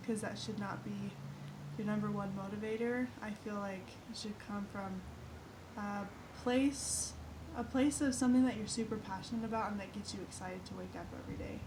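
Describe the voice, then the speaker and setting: A woman author chatting casually and reading aloud her own childhood story, relaxed with small fillers. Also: mid-range voice, background noise.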